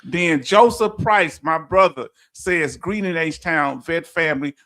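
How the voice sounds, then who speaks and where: Male livestream host, Southern accent, fairly high voice, laughs easily and trips over his words. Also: slow pace, fairly bright tone. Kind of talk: casual livestream chat, reading viewer comments.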